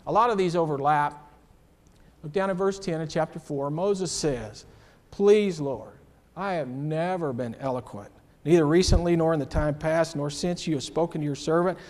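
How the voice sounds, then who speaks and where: A man's voice: fairly high pitch, moderate pace, darkish tone, long reverb tail. A man teaching a church class in a sermon style, emphatic and full of rhetorical questions and personal asides.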